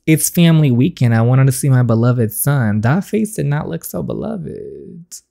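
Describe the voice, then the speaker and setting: A woman reading an interactive story game aloud and reacting to it, voicing every character in her own voice and jumping up high and loud when she reacts. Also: sing-song, normal speed, vocal fry, few pauses.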